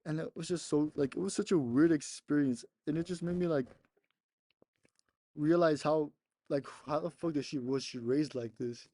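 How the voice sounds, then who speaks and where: A man's voice: fairly high pitch, normal speed, dark tone, dry recording. Laughing young man telling a story. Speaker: podcast co-host. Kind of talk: casual storytelling chat.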